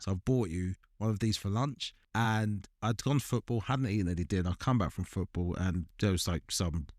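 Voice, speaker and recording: Low-voiced man telling stories. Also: moderate pace, darkish tone, dry recording, clean studio sound. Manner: rambling, laughs through his stories. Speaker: podcast co-host. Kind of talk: casual storytelling chat.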